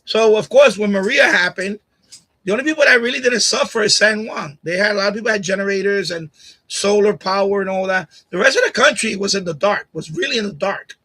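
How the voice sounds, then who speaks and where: A middle-aged man hosts a live stream, chatting casually until he grows heated and repetitive while confronting someone in the chat. His voice sits high and moves a little fast with a sharp tone. He comes from a Puerto Rican family, spent part of his upbringing in Puerto Rico, and speaks into a USB condenser mic on a boom arm.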